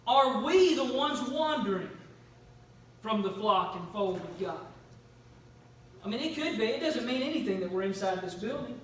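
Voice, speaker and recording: A man's voice: high-pitched, animated, normal speed, fairly bright tone. A male preacher delivering a sermon in an earnest, questioning, storytelling manner. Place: church sanctuary. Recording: echoey church room, faint noise.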